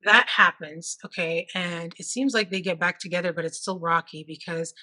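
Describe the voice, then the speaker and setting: A woman's voice: fairly low pitch, steady tone, normal speed, bright, forceful tone. A woman telling a true crime story in a casual, chatty way, reading text messages aloud and adding her own asides. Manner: conversational, reads out texts with asides.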